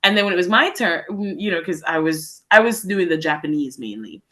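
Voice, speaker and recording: A woman's voice: on the low side, expressive, brisk, bright, forceful tone. A young adult woman with a Jamaican accent, a guest English teacher telling stories in a chatty way. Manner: chatty, laughing storyteller. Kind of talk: casual chat.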